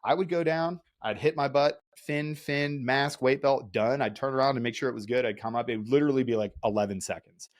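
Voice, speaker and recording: A man hosting a podcast, casually telling animated stories, acting out voices and laughing often. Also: medium pitch, brisk, few pauses. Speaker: podcast host. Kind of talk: casual storytelling chat.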